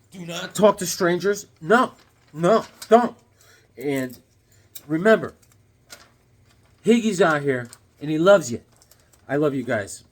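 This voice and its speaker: Excitable man gushing over comics. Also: fairly high pitch. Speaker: comic collector vlogger. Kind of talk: casual unboxing chat.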